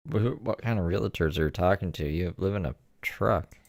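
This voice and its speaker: A man's voice: low-pitched, a little fast, creaky, darkish tone, no echo. A man reading chat aloud and tossing in crude, teasing side comments. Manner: teasing, crude, wandering musings.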